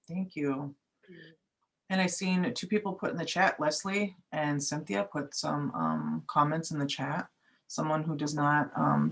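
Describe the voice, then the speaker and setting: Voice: mid-range voice, vocal fry. A facilitator leading an online training session, casual and friendly, thanking each speaker. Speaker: workshop facilitator. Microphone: video call.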